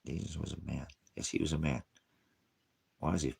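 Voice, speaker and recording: A man's voice: very deep voice, steady tone, moderate pace, vocal fry, a little mellow, husky. A man preaching in a combative online sermon, answering comments with mockery, profanity and frequent chuckles. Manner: chuckles often between remarks.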